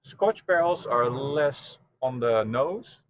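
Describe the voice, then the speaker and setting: A man's voice: medium pitch, animated, slow pace. A man, a brewer, explaining barrel aging at length in a casual tasting chat.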